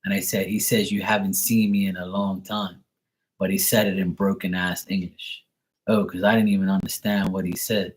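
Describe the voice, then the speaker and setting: A man's voice: sits low, flat delivery, normal speed. A man chatting casually on a live stream, loose and profane, often laughing as he talks. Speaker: live tarot reader and streamer.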